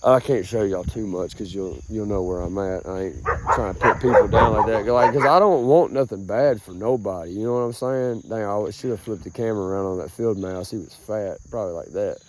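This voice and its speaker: A man's voice: lowish voice, a little fast, noisy background. A young man, rambling and swearing as he talks outdoors, calling the listener bro. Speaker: vlogger. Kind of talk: rambling outdoor vlog monologue. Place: outdoors in a rural grassy field.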